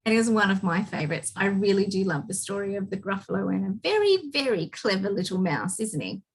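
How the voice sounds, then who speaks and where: A woman hosting a children's reading corner, cheerful and expressive as she signs off. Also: mid-range voice, fairly quick, breathy edge. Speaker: children's story reader. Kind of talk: storybook reading.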